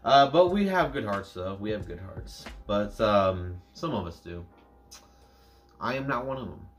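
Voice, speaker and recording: A man's voice: lowish voice, animated, measured pace. A young American man hosting a music reaction, talking casually with many fillers and jokey asides. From United States.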